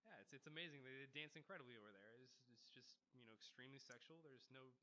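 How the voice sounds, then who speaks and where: A man telling a rambling story as a podcast guest, animated and laughing, tossing in Spanish words. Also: medium pitch, fast. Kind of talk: casual storytelling chat.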